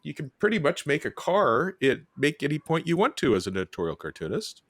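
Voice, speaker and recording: A man hosting a casual panel chat, wry and joking as he reads out cartoon captions in quick funny voices. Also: on the high side, wildly swooping pitch. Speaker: podcast host presenting cartoons.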